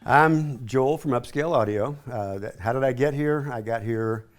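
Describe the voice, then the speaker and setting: A man's voice: mid-range voice, normal speed, soft background music. A man in his sixties from East Tennessee, a hi-fi sales associate giving a chatty, rambling home tour with folksy asides. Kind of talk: casual home tour chat.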